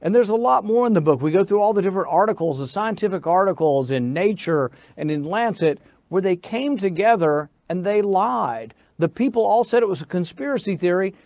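A man's voice: sits high, animated, a little fast, few pauses, darkish tone, no room sound. A middle-aged American man who is a senator, telling a story in an interview in an insistent manner that builds to indignation. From United States.

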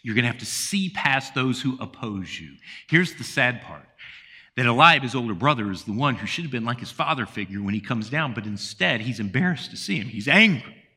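Bright-voiced man preaching in reverberant hall. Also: medium pitch, lively intonation, a little fast, husky. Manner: emphatic preaching, acting out quoted voices. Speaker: pastor. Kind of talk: sermon.

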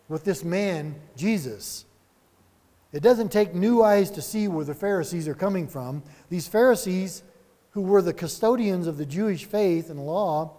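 A man leading a Bible study in an animated, conversational sermon style, with chuckling asides and rhetorical questions. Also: fairly high pitch, big-room sound.

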